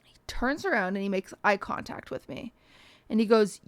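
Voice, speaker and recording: A woman's voice: medium pitch, moderate pace, no room sound. A young woman streamer casually telling a story to her chat, acting out the people she quotes and swearing freely. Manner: animated, acts out quoted voices, swears casually.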